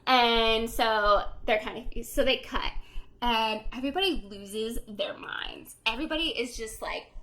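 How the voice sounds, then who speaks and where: High bright chatty young woman. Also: unhurried. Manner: animated storyteller, acts out characters' lines, many "like" fillers. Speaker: book podcast co-host. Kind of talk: casual book recap chat.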